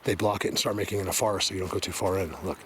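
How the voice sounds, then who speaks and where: A man vlogging while hiking through a forest, excitedly pointing things out to his viewers in casual walk-and-talk. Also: sits low, racing, noisy background. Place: forest outdoors, hiking uphill.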